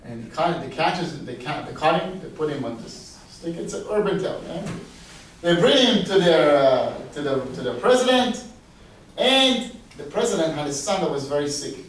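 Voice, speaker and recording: A man, a rabbi, telling a parable as a sermon in a lively, conversational way with casual asides, heard from a distant mic in a very echoey hall. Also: on the high side, normal speed, a little hiss or hum. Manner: animated, conversational storytelling with asides. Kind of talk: storytelling sermon.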